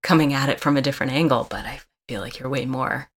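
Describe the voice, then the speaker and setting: A woman's voice: rumbling low, fast, husky. A woman in her thirties from Atlanta, a guest chatting casually and laughing often. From Atlanta, Georgia, US. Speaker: podcast guest, actress. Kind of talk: casual conversation.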